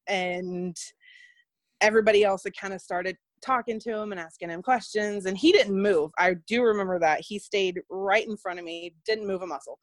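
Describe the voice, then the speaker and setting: A woman's voice: mid-range voice, no room sound. A woman who works as a nurse, telling a personal story in casual conversation and acting out the voices of people she quotes. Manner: animated, acts out quoted voices. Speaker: guest.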